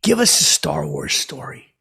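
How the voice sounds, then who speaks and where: A man's voice: mid-range voice, huge pitch swings, measured pace, bright, forceful tone, exaggerated voice. A man playing an oblivious, boastful washed-up male radio DJ who tells a rambling comic story, stammering and repeating himself. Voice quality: gravelly, extremely raspy. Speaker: comedy podcast host playing a character.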